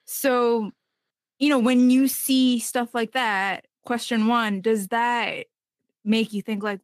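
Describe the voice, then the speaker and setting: A woman's voice: on the high side, takes it slowly, dry recording, studio quality. A woman co-hosting a casual interview, asking questions hesitantly with many fillers. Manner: hesitant, lots of fillers, laughs easily. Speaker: podcast co-host.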